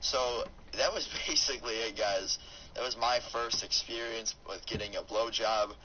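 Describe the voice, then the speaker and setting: Young dude rambling a story for his channel, kinda low voice, dull lo-fi mic with noise behind. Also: normal speed, sharp tone. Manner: rambling, with many fillers and restarts. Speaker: YouTuber. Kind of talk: storytelling over gameplay commentary.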